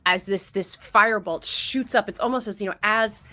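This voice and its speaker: A woman's voice: mid-range voice, pushed and bright. Woman narrating as game master. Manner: descriptive, halting narration with restarts.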